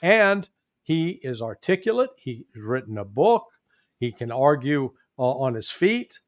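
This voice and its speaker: A man with a Midwestern accent giving political commentary as an interview guest, folksy and animated, chuckling often. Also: medium pitch, unhurried, dry recording, clean studio sound. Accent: Midwestern American. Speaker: guest, former intelligence analyst.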